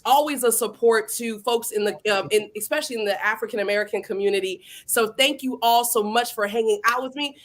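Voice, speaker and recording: Lively middle-aged woman host, fairly high pitch, playful and chatty with the audience. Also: fairly quick, hardly any pauses. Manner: lively, playful, talks straight to viewers. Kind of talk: casual livestream interview.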